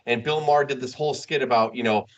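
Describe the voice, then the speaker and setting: A man co-hosting a casual podcast. He tells the story with animated energy and slips into voices for the people he quotes. His pitch sits in the middle range for a man. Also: fast, muffled recording. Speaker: podcast co-host. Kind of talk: casual chat.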